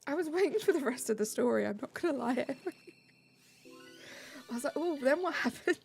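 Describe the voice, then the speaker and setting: A woman's voice: sits high, expressive, normal speed, creaky, darkish tone, soft background music. A woman streamer chatting casually with her live chat, giggling and teasing herself as she reads messages. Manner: giggly, self-mocking, chatty.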